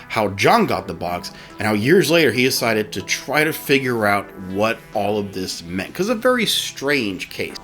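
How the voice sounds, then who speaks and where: His voice is fairly low and a bit bright as this podcast host reads a story out loud in an easygoing way. He keeps pausing to laugh and experiments with affected narrator voices.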